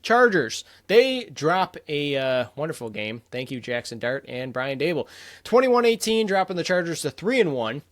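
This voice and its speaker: This is a young man co-hosting a sports talk show, speaking in a slightly higher register than most men. He is blunt and opinionated and reels off results with firm verdicts in a casual chat. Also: big pitch swings, moderate pace. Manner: opinionated, blunt, rattles off scores. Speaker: podcast co-host.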